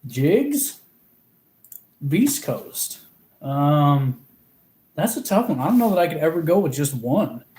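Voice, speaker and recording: A man from Oklahoma hosts a fishing livestream in relaxed, casual chat. He giggles often and reads viewers' comments aloud at an unhurried pace, and his somewhat raised voice rings in a roomy echo. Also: a little high.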